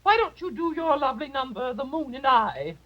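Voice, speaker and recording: A man's voice: extremely high pitch, big pitch swings, fairly quick, bright, forceful tone, exaggerated voice. A man voicing a pompous, gushing grande-dame diva puppet who speaks in an affected, fluttery way. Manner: affected, fluttery, says "darling". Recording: dull lo-fi 1950s TV audio.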